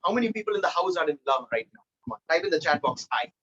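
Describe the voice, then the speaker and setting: A man leading a live online public speaking training, energetic and animated, swinging between loud and soft for emphasis. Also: fairly high pitch, racing, breathy edge, dull audio.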